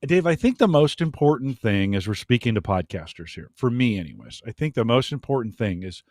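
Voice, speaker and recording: A man's voice: medium pitch, big pitch swings, a little fast, a little mellow, no room sound. A man in a casual podcast talk, giving earnest coaching advice to podcasters.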